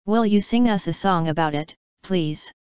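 A woman's voice: medium pitch, normal speed, a little mellow, clear, resonant tone, dry recording, lightly acted. A woman voicing a melancholy, dignified female spider who talks in a mournful, sighing way. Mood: composed. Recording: slightly dull, dry recording.

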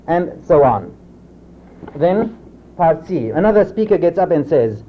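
Speaking at normal speed with a slightly high voice and big pitch swings, a professor gives a hesitant convocation lecture full of fillers and restarts. He raises his voice to read example drill sentences; the tinny 1960s reel-to-reel tape carries faint hiss.

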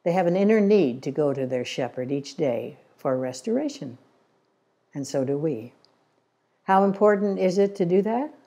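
A woman's voice: lowish voice, lively intonation, moderate pace, mellow. A middle-aged woman giving a church talk, telling stories earnestly and acting out the quotes. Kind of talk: storytelling sermon.

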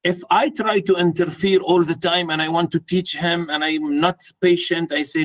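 A man's voice: a little high, steady tone, normal speed, hardly any pauses. A man speaking to a live audience at a mentoring workshop, putting questions to the room and acting out a parent talking to a child. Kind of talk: interactive workshop talk.

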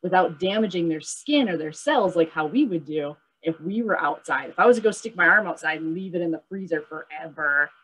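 Upbeat husky woman teaching kids. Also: on the low side, expressive, fairly quick, hardly any pauses, a bit bright, low-quality recording. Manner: upbeat, asks kids questions, says "right?" often. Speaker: nature educator. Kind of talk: children's webinar lesson. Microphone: video call.

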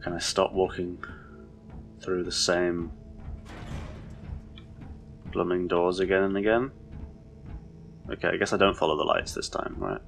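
A man's voice: sits low, a little slow, gravelly, pauses often, a bit bright, faint music behind. A man giving rambling, confused, sweary commentary as he plays a horror game. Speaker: let's play host. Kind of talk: gameplay commentary.

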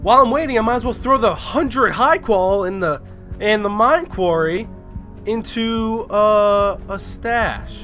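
A man narrating his own gameplay out loud, swearing freely and swinging between muttered planning and outbursts. His voice has a bright, sharp edge, with faint music underneath. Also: high-pitched, a little slow. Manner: profane, excitable, talking to himself. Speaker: gaming streamer. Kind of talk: live gameplay commentary.

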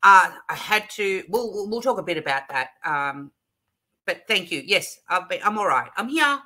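A woman's voice: fairly low pitch, very animated, normal speed, pushed and bright. An Australian woman hosting a live craft stream from her craft room, chatty and bubbly, laughing often as she greets people. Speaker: livestream host. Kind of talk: casual live chat greeting viewers.

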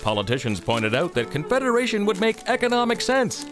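A man's voice: high-pitched, sing-song, fairly quick, music in the background. Man narrating documentary-style.

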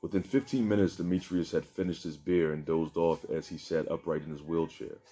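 A man reading aloud from a novel in a steady, subdued way. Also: sits low, brisk. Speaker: narrator reading his own novel. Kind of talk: book reading.

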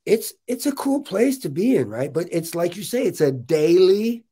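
A middle-aged man hosting a podcast, telling a personal story in a casual, animated way and saying "dude" often. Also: high voice, normal speed, husky. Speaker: podcast host. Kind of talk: casual interview chat.

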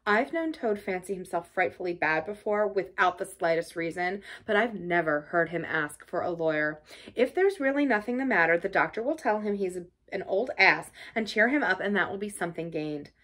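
A woman voicing a cheerful, brisk male water rat who coaxes his friend out of bed. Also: lowish voice, animated, fairly bright tone. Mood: thoughtful. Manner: brisk, hearty and coaxing.

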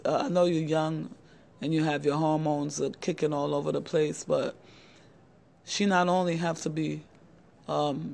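In a voice that sits low and sounds darkish, a middle-aged woman who runs a channel talks to camera. Her motivational advice to young men is earnest and repetitive, and she often calls them "guys."

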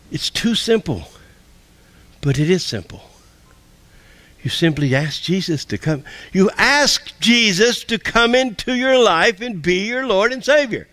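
A man preaching a sermon and leading an altar call, impassioned, swinging from loud calls to hushed near-whispers. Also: a little high, no echo. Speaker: pastor.

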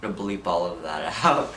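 A man's voice: low-pitched, sharp tone. A young man rambling in a casual vlog, giggling a lot. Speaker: vlogger. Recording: roomy, from far off, faint noise.

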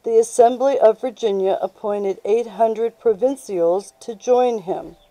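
Slow, mellow-voiced woman reading aloud. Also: on the high side, no echo, rough recording. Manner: unhurried, plain reading voice. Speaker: reader of books aloud. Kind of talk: reading aloud from a history book.

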